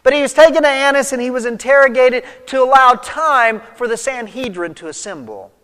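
High-voiced preacher in a reverberant hall. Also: male voice, expressive, brisk, fairly bright tone, clean tone. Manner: vivid storytelling, rising and falling emphasis. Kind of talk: sermon.

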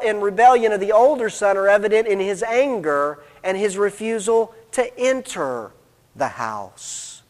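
A man with a notably high voice preaches a sermon, driving his points home by repeating the same cue word. He has a cold and sounds congested. His voice rings out with the long reverb of a large hall. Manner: emphatic, repeats "notice" to stress points. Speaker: pastor.

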